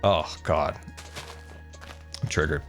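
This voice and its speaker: A man's voice: a bass voice, slow, a bit bright, soft background music. A man streaming casually, ranting animatedly and joking with his viewers.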